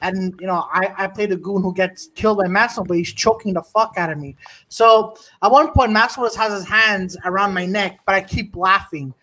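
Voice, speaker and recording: A man co-hosting a podcast in casual chat, an animated storyteller who laughs often and acts out the people in his stories. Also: high-pitched, fairly quick, rough recording.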